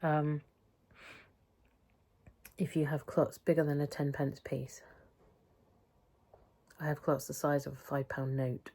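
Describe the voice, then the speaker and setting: A woman's voice: low voice, little pitch movement, measured pace, pauses often, warm tone, slightly rough. A middle-aged British woman talking through a casual weekly health update vlog, rambling and chatty, often interrupting herself. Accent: British English. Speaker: vlogger.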